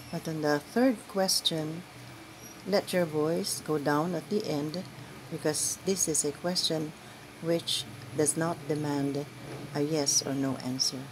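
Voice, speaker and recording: A woman guides lectors through the week's reading in a measured, instructional tone. Her voice sits a little low, and she takes her time with each phrase, enunciating carefully. A faint hiss of noise stays under her words. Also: a little mellow, low-quality recording. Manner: slow, deliberate, careful enunciation. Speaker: lector trainer. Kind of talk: instructional talk on scripture reading.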